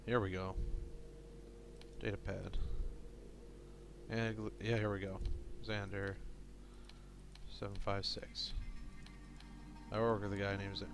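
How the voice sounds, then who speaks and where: Tired low-voiced gaming host. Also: male voice, flat delivery, takes it slowly, pauses often. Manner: tired, low-energy, mumbling. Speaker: let's play host. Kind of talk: casual gameplay commentary. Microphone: desk microphone. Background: game music.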